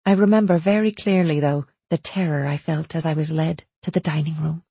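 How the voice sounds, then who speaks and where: Brief: woman audiobook narrator, low-ish, husky, dry close mic. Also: steady tone, warm tone, no echo. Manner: measured, storytelling. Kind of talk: first-person audiobook narration.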